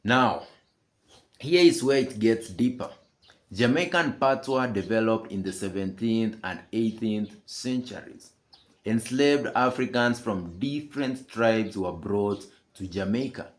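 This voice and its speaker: A man's voice: lowish voice, measured pace. A man delivering scripted commentary as a channel host, emphatic and full of rhetorical questions.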